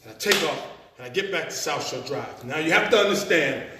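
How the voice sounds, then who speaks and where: A man telling a comic story at a live storytelling performance, animated and acting out the scenes. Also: on the high side, fairly quick, background noise. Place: performance venue. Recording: echoey room, mic at a distance.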